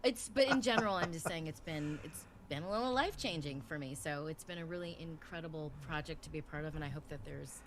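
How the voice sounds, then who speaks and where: A woman's voice: deep voice, fast, few pauses. Effusive woman with a noisy mic. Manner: hesitant, filler-heavy, warm and effusive. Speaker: voice actor guest. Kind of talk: casual chat on a video call stream.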